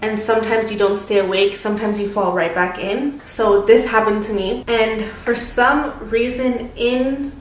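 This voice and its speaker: A woman's voice: medium pitch, steady tone, measured pace, hardly any pauses. Chatty young woman telling a scary story. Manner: chatty, dramatic storytelling with many fillers. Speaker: vlogger. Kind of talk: casual storytime. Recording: roomy, distant mic, faint noise.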